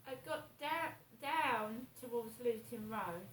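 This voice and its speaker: A woman, rambling through a slow, repetitive story about her morning while she vlogs in her flat. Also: a little high, reverberant, recorded from a distance, a little hiss or hum, poor audio. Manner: slow, repetitive, anxious retelling. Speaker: vlogger.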